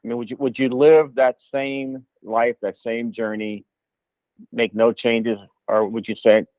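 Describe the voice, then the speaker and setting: A man's voice: medium pitch, level tone, unhurried, a little mellow, no echo, poor audio. A man on a group video call asking a question hesitantly, repeating himself as he goes.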